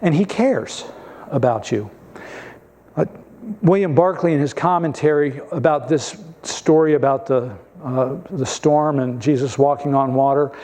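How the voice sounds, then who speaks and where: Brief: male pastor, somewhat high voice, storytelling sermon with light humor. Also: a little slow. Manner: storytelling preacher with gentle humor.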